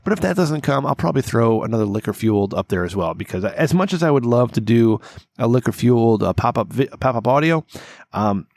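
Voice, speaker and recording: In his thirties, a podcast host runs a rowdy drinking show, rambling and swearing freely between plugs, loud and combative. His medium-pitched voice is expressive and a little fast, with vocal fry and no echo.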